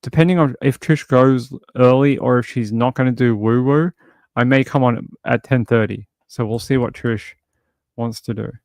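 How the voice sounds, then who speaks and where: A man hosting a livestream, chatting casually and a little rambling. He reads viewer comments and tosses in playful jokes. His voice sits mid-pitch and sounds close and dry. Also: fairly even intonation, moderate pace, darkish tone, no room sound. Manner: chatty and rambling, many fillers and restarts; jokey, playful asides. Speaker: livestream host.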